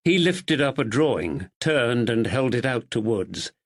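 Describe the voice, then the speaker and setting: A man reading a mystery audiobook in a measured, expressive style. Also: mid-range voice. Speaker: audiobook narrator. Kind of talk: scripted narration.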